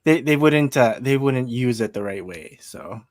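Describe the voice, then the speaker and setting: A man's voice: mid-range voice, animated, moderate pace. Laid-back man co-hosting a chat. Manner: laid-back, trails off, hesitant. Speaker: podcast co-host reading viewer comments. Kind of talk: casual chat.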